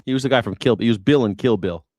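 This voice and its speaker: A man's voice: mid-range voice, fast talker, darkish tone. A man hosting a news reaction stream, rambling and joking crudely in casual talk. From United States. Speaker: streamer host.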